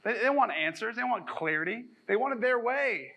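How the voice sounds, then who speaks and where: A man's voice: very high voice, lively intonation, brisk, gravelly, sharp tone, poor audio. A man preaching a sermon at a church as pastor, conversational and joking, acting out quotes in mock voices.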